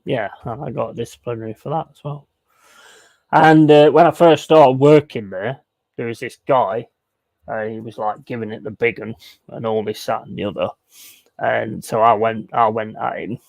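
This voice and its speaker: A man with a gravelly edge, pitched in the middle for a man. He tells crude stories in a blunt, casual way, swearing and laughing as he goes. The sound is close and dry. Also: steady tone, normal speed, no room sound. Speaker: streamer. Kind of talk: casual sweary storytelling while gaming.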